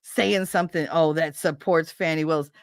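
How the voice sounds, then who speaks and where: A woman's voice: sits low, fairly even intonation, moderate pace, no room sound, clean studio sound. A middle-aged woman hosting a podcast, chatting casually with her live audience and ranting in a blunt, heated, profane way. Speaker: podcast host. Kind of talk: casual livestream chat.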